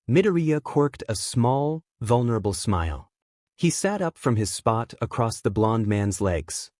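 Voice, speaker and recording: A man reading a fanfiction story aloud as the narrator, in steady storytelling. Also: mid-range voice, a little slow, no room sound, clean studio sound.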